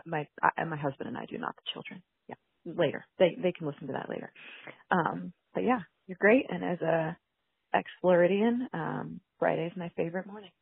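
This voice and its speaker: A woman's voice: lowish voice, gravelly, slightly rough, dry recording. A woman in her thirties, a special ed teacher, leaving a chatty, upbeat voicemail full of ums. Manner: chatty, upbeat, filler-heavy. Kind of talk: casual voicemail. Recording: dry tinny phone line.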